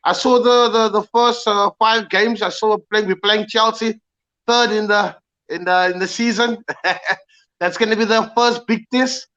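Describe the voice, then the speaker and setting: A man talking football casually on a panel as a Liverpool supporter, halting and repeating words with many fillers. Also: high voice, steady tone, bright, forceful tone. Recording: dull lo-fi audio.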